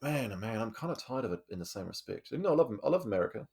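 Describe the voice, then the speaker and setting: A man's voice: medium pitch, sing-song, racing, creaky, a little mellow, breathy edge. A man co-hosting a podcast, talking in an earnest, thoughtful way with casual swearing. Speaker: podcast co-host. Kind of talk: casual chat.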